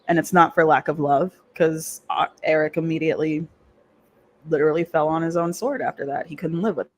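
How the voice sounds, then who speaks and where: A man with a notably high voice chats on a livestream. He is animated and blunt and swears freely. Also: a little fast, slight background noise. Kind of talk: casual livestream chat.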